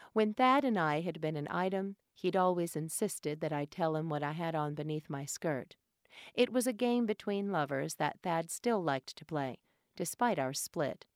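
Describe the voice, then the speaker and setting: A woman audiobook narrator reading scripted fiction in a measured, even delivery into a studio microphone. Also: deep voice, dry recording.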